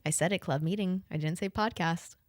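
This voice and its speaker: A woman's voice: on the low side, a little fast, no echo. A woman in her late twenties hosting a podcast, chatting casually about her family, rambling with lots of "like" and casual swearing, close to tears. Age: late 20s. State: emotional, near tears. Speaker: podcast host. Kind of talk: casual personal chat.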